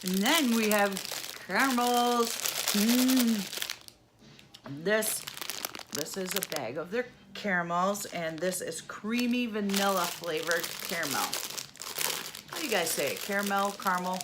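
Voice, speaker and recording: In this candy taste-test vlog, a woman from New York State takes her time over every bite and hums with pleasure throughout. Her voice is mid-range, with background noise behind it.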